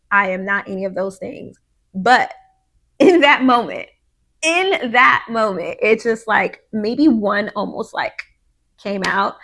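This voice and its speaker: Woman host, 30s, casual heartfelt solo podcast talk, mid-pitched, chatty with fillers. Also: bright, forceful tone. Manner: conversational, frequent fillers, acts out quotes of her kids.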